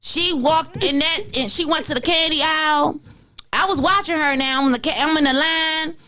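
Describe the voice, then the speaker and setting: Animated woman telling stories on a talk show. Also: high voice, normal speed. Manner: animated, acts out voices in her stories. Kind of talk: casual storytelling chat.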